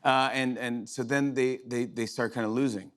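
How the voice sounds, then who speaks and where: A middle-aged man hosting a late-night show, telling a rambling, excited story full of restarts and fillers. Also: medium pitch, moderate pace. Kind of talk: monologue, storytelling chat. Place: TV studio with live audience.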